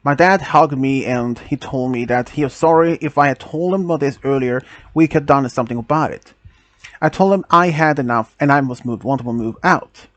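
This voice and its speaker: A man's voice: medium pitch, fairly bright tone, no room sound, muffled recording. Hesitant man telling a story. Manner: halting, with frequent restarts and non-native phrasing. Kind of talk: casual first-person story narration.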